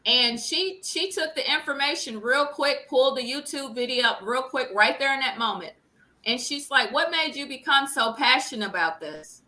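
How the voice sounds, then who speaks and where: A middle-aged woman, a grieving mother, speaking earnestly and haltingly as an interview guest. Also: fairly high pitch, bright, forceful tone, poor audio. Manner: earnest, halting, repeats words when upset. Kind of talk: emotional conversational interview.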